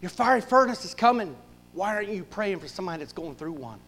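A man preaching a sermon to his church, swinging from loud bursts to hushed asides. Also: high voice, lively intonation, fast, in a large hall, poor audio. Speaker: pastor.

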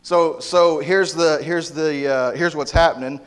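A man's voice: a little high, steady tone, unhurried, clear, resonant tone. A man preaching a sermon in a church hall, emphatic and repetitive, often restarting his sentences.

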